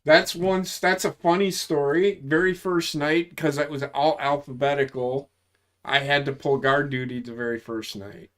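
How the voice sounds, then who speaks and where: A man's voice: fairly high pitch, normal speed. A man in his forties, an army veteran, telling service stories in a casual chat, swearing often and rambling through his tales. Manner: profane, rambling, animated when telling stories.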